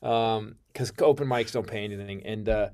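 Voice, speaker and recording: A man with an American accent, a comedian telling stories in a casual interview, swearing freely and acting out quoted lines loudly and high. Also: normal speed, clear, resonant tone. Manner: profane, excitable, acts out quotes with big jumps in pitch and loudness. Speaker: comedian guest. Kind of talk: animated storytelling in casual interview.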